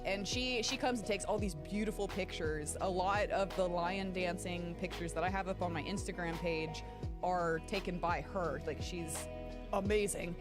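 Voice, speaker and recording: A woman chatting casually during a game playthrough, rambling and swearing freely, with big animated swings in her voice as she tells a story. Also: lowish voice, moderate pace. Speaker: gaming YouTuber. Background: game music.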